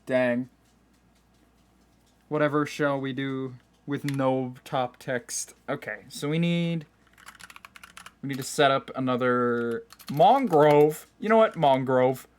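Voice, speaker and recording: A man's voice: medium pitch, takes it slowly, long pauses, clear, resonant tone. Chatty self-mocking male streamer. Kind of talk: casual live game commentary.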